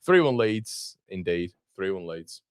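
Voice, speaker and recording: Young streamer host, deep voice, dry close sound, casual chatter. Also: male voice, sing-song, measured pace, clear, resonant tone, no room sound. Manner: chatty, reading out viewer comments. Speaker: football watchalong host. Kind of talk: casual live-stream chat. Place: home room.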